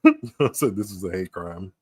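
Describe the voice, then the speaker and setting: An American man hosting a podcast from home, talking slowly and drawing out his reactions. He bursts into laughter often between remarks. The sound is close and dry, with no room around it. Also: low voice, husky, no echo. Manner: laughing often, animated reactions, slow drawn-out delivery. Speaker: podcast host. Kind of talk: casual live-stream commentary. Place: small room at home, streaming.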